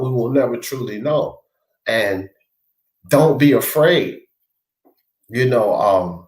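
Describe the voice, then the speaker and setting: A man hosts a casual live talk stream and rambles as he goes. He reads viewer comments aloud and answers people by name. His voice sits in a middle pitch and bounces around an echoey room. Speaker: livestream host reading chat.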